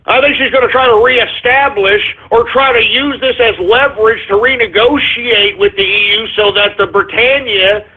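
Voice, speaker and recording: A man hosting a talk radio show, ranting in a profane, exasperated way and breaking into sudden shouts. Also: sits high, normal speed, hardly any pauses, breathy edge. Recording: tinny phone-line sound.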